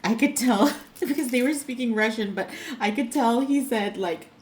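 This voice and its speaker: A woman's voice: a little high, moderate pace, a little mellow. Woman, middle-aged, crafting vlog host, rambling casual chat, lots of fillers, light laughs, faint background hiss. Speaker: crafting vlogger.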